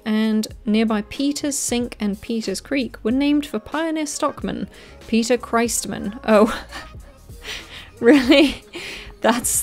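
A woman hosting a comedic commentary video. She reads facts aloud and keeps breaking off into sarcastic, excited reactions. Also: a little high. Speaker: video host.

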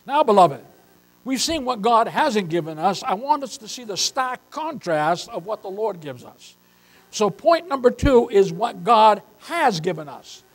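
An older man delivers a sermon in a notably high voice. He preaches with emphasis and keeps calling his congregation beloved. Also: big pitch swings, unhurried, low-quality recording. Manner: emphatic, repeatedly addressing listeners as beloved. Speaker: pastor.

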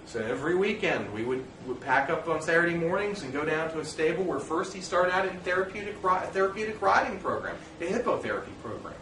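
A man's voice: on the high side, lively intonation, fast, few pauses, bright, forceful tone, far from the mic, slight background noise. A man, a father of a child with special needs, talking earnestly and plainly to other dads and telling personal stories. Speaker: parent speaker addressing fathers. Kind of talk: informal talk to an audience. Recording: roomy echo, speaker away from the mic, faint ambience.

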